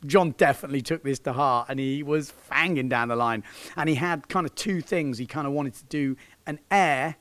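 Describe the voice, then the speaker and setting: A man's voice: mid-range voice, moderate pace, dry recording. A man, a windsurfing coach hosting a video, joking and laughing as he talks over clips of his students. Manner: jokey, laughing, shouts encouragement. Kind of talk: casual commentary over video.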